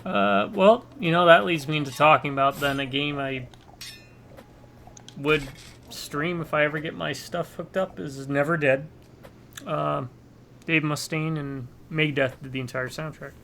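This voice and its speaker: A man's voice: a little high, unhurried, creaky, sharp tone, a little hiss or hum. A man hosting a co-op gaming stream, chatting casually and rambling into jokey asides about old games. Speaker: co-op gaming channel host. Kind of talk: casual gameplay chat.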